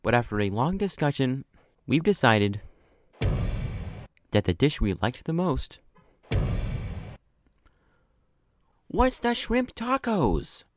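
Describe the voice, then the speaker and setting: A man voicing a stern adult male cooking instructor who scolds loudly and demands answers. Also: mid-range voice, big pitch swings, measured pace, long pauses, slight background noise, pitched above the performer's own voice. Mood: formal.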